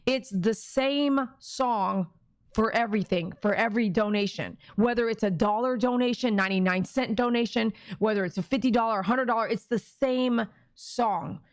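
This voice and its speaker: A talkative woman with a fairly high voice hosts a live stream, reading comments out loud and making her points with emphasis. The sound is dry and close, with no room echo, and she keeps asking the viewers to agree with her. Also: normal speed. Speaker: dog groomer and livestreamer.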